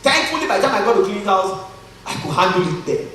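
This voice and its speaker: A Nigerian man speaking to a live conference crowd, his high voice swinging widely as he jokes and tells stories. He sounds distant, and the large hall rings with heavy echo. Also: quick pace, slight background noise. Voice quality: animated storyteller, joking and earnest by turns. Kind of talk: motivational talk to a live audience. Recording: echoey hall from far off.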